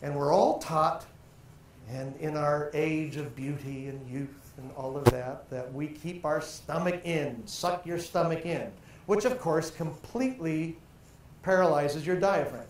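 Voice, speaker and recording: Older man, booming in an echoey hall. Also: a little slow. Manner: theatrical, projects and stretches vowels and syllables in drills. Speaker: voice and speaking coach. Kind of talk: workshop lesson with vocal exercises. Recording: very echoey room, faint ambient noise.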